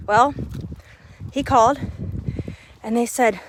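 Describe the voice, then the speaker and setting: A woman, a mindset coach, telling a personal story to her viewers in a casual vlog, animated and laughing often as she acts out what people said. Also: sits high, moderate pace, background noise.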